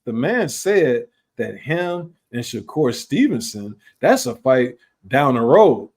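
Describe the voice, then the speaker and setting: A man hosting a live boxing talk show, arguing in heated, slangy chat with sudden jumps in pitch and a lot of repetition. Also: sing-song, takes it slowly, a little mellow, breathy edge. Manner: slangy, repeats himself while arguing.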